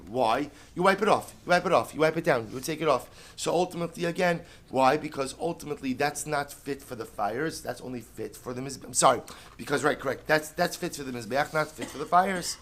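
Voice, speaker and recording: A man's voice: medium pitch, a little fast, a bit bright. A middle-aged man giving a Talmud lecture, methodical and patient. He repeats each key point, poses questions and answers them himself, and mixes Hebrew and Aramaic terms into his English. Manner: explains step by step, repeats key phrases, asks and answers his own questions. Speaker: rabbi teaching Talmud.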